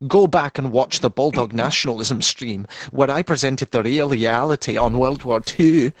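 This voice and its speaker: A man's voice: medium pitch, normal speed, no room sound. A man co-hosting a podcast, reading a statement aloud in a mocking tone and often breaking into laughter.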